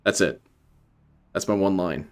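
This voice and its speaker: A man's voice: sits low, unhurried, clean tone. A man bantering as co-host on a gaming stream, dry and joking, often rambling. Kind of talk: casual banter.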